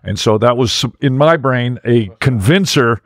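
A man's voice: medium pitch, a little slow, dry recording, studio quality. Man chatting hesitantly on a podcast. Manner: hesitant, lots of fillers, chuckling. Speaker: podcast host. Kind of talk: casual podcast chat.

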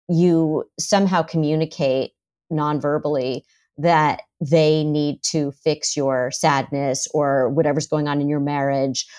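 A middle-aged woman, a therapist, talking in a podcast interview and acting out what parents and children say. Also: deep voice. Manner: animated, acts out parents' and children's voices. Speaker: therapist and author, guest.

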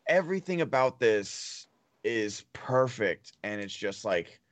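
A man's voice: fairly low pitch, very animated, slow pace, no room sound. A young man co-hosting a casual podcast chat, loose and swearing often, laughing a lot. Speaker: podcast co-host.

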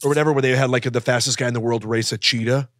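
A man riffs through a comedy podcast, rambling from joke to joke with plenty of fillers. His voice sits at an everyday pitch, recorded close and dry with no room sound. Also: steady tone, very fast, fairly bright tone, dry recording. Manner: rambling, joking, lots of fillers. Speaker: podcast co-host. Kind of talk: casual comedic chat.

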